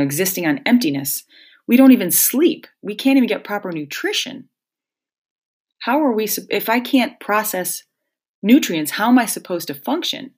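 A woman's voice: sits low, a little mellow, breathy edge. A woman hosting a reflective self-help monologue, talking conversationally and straight to her listeners as folks.

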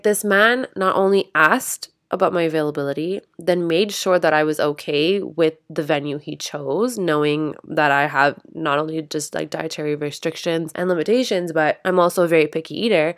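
A young woman from Canada, co-hosting a podcast in casual, expressive chat full of swearing. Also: sits low. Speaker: podcast co-host.

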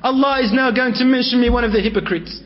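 A man's voice: extremely high pitch, quick pace, pitched above the performer's own voice. A man voicing a terrified young man who pleads in panic and remorse, on a dull recording. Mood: anguished. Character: terrified young male sinner, weeping in remorse.

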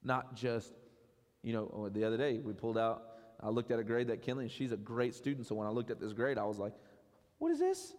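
A male pastor delivers a heartfelt sermon in a church sanctuary. His talk is casual and conversational, full of restarts and quick acted-out asides. His mid-range voice rings out with a long hall reverb. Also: medium pitch, steady tone, darkish tone. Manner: conversational and emotional, many restarts and quoted asides.

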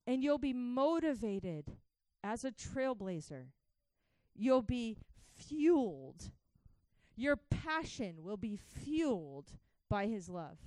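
A woman's voice: a little high, big pitch swings, slow pace, darkish tone, no room sound, studio quality. A woman preaching a sermon, telling her own testimony with fervent, direct appeals to the listeners. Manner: impassioned, talks straight to the crowd.

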